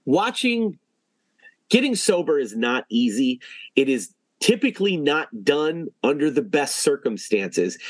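A man hosting a casual podcast chat, speaking earnestly and often repeating himself to drive a point home. His voice sits at an ordinary middle pitch. It is recorded close and dry, with no room sound. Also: no room sound, rough recording. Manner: earnest, repeats phrases for emphasis. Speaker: podcast host.

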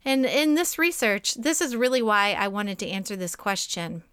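A woman's voice: mid-range voice, very animated, moderate pace, a bit bright, clean tone, no room sound, studio quality. A woman co-hosting a podcast who chats expressively and reads out listener questions. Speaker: podcast co-host. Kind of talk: casual podcast chat.

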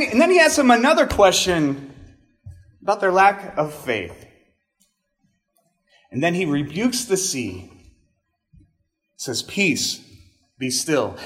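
A male pastor giving a conversational sermon, chatty, with casual asides and animated emphasis. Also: fairly high pitch.

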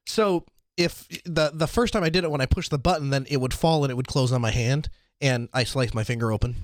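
A man's voice: medium pitch, fairly quick, no room sound, studio quality. A man co-hosting a casual podcast chat, talking eagerly about gear and tools. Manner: enthusiastic, tech and gear talk. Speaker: podcast co-host.

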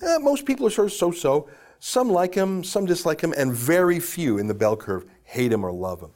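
A man's voice: fairly high pitch, very animated, moderate pace, darkish tone. A man giving opinionated political commentary in an emphatic, scornful way, with frequent restarts.

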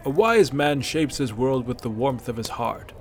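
A man's voice: mid-range voice, animated, moderate pace, natural voice. A man doing a wise old warrior chief. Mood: calm. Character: venerable, wise old male warrior leader.

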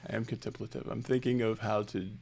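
A man's voice: fairly low pitch, level tone, quick pace, creaky, darkish tone. A man co-hosting a podcast in casual chat, trading wry jokes and banter. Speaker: podcast co-host.

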